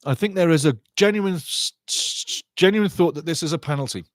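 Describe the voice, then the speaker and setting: A man's voice: fairly high pitch, normal speed, no room sound. Passionate man commentating football. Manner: passionate, chatty, talks to viewers, shouts at goals. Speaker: football watch-along commentator. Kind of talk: excitable live match commentary.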